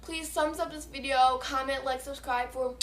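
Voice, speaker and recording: A woman's voice: high voice, moderate pace, echoey room. A teenage girl vlogging a casual storytime, swearing a lot and rambling with plenty of fillers. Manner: profane, excitable, rambling with many fillers.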